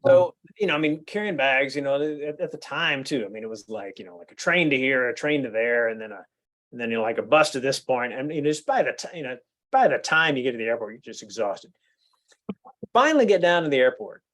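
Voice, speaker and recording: A man's voice: medium pitch, a little fast. A man, giving a speech at a club meeting and telling stories with lots of restarts and fillers. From United States. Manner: animated storyteller, frequent restarts and "you know". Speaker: guest speaker at a club meeting. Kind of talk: anecdotal speech.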